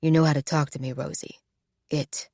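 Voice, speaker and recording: A woman voicing a protective ex-soldier man with a low, clipped delivery. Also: little pitch movement, moderate pace, a little mellow, no echo, clean studio sound. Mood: intimate. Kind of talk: audiobook character voice.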